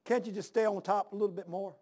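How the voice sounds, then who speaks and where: A man's voice: sits high, fairly even intonation, fast, darkish tone. A man in his sixties preaching a sermon, emphatic and folksy, repeating phrases and calling out amen and hallelujah. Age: 60s. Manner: folksy, drawls "man" and "ain't".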